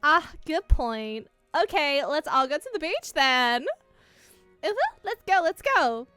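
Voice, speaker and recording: A woman voicing an excitable, eager teenage girl in a visual novel read-along. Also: high-pitched, takes it slowly, no echo, soft background music, pitched above the performer's own voice, heavily acted. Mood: excited.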